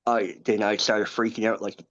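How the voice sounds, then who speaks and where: A man's voice: lowish voice, level tone, a bit bright, muffled recording. Man in his thirties telling his story. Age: 30s. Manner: earnest, halting storytelling with many asides. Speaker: podcast guest. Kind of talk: recounting a personal story in a podcast interview.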